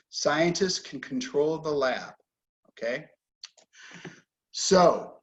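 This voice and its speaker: Male English teacher, slightly high voice, slow patient delivery. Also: rough recording. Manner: patient, explains pronunciation slowly. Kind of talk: online class teaching.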